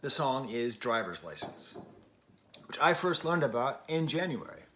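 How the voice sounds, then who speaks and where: A man's voice: medium pitch, big pitch swings, measured pace, fairly bright tone, a little hiss or hum. A middle-aged man hosting a music review show, talking in a chatty, rambling way with wry asides. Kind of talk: casual spoken review.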